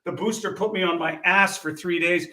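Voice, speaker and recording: Brief: hoarse male comedian host, bright and forceful, a bit high, heard from off the mic in a roomy space. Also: fairly even intonation, normal speed, recorded from a distance. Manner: gruff, exasperated banter. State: hoarse from laryngitis. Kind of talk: casual live show chat.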